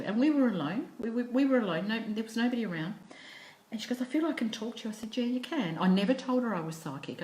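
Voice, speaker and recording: A middle-aged Australian woman telling a personal story in a lively way, restarting often and acting out what others said. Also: mid-range voice, reverberant, low-quality recording. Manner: animated storyteller who acts out quoted speech with repeated restarts. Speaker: psychic medium.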